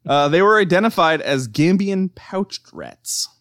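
Deadpan man reading notes, dry sound. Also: high voice, a little slow, no room sound. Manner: reads notes aloud with fillers and restarts, deadpan. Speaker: podcast co-host presenting research. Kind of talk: casual chat.

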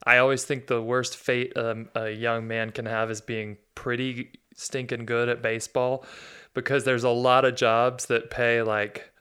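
A man in casual conversation, thinking aloud about careers in a relaxed, musing way. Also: medium pitch, a little slow, smooth. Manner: musing, reacts with surprise. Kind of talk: casual chat.

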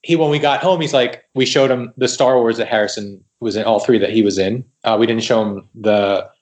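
A guest writer on a podcast interview tells casual, lively stories, acting out quoted dialogue and frequently restarting sentences mid-thought. His voice is medium in pitch and a little fast.

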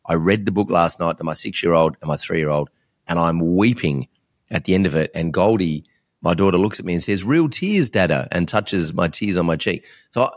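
A man's voice: deep voice, a little fast. A man hosting a podcast interview, talking candidly and rambling in a self-reflective way. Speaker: podcast host.

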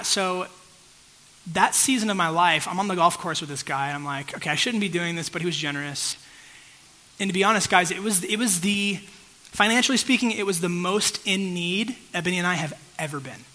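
A man preaching with a bright, forceful, somewhat high voice. He tells a personal story in an easy, chatty way and keeps checking in with the congregation. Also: normal speed, poor audio. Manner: conversational storytelling, checks in with the audience. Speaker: pastor. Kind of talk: sermon.

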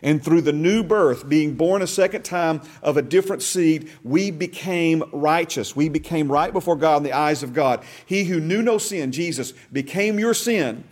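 A man's voice: fairly high pitch, normal speed, few pauses. A man teaching a discipleship class, reading scripture aloud and stressing key phrases with emphatic repetition. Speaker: bible teacher.

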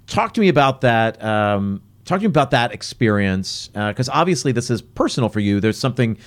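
A man's voice: mid-range voice, very animated, fairly quick. A middle-aged man hosting a podcast interview, chatting casually and lifting his voice when he asks questions. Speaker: podcast host.

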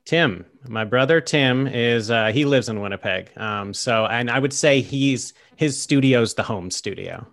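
A man's voice: medium pitch, a little slow, creaky, hardly any pauses, fairly bright tone. A man guesting on a casual podcast, eager and upbeat.

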